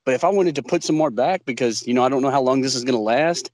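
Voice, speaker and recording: A man's voice: medium pitch, quick pace, darkish tone. A man in casual group chat, teasing his friends and laughing often.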